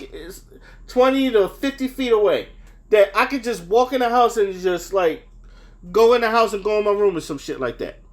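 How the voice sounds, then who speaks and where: A man's voice: high-pitched, fairly bright tone. A young man telling a story in a casual, rambling way, swearing freely and sounding heated. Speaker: vlogger.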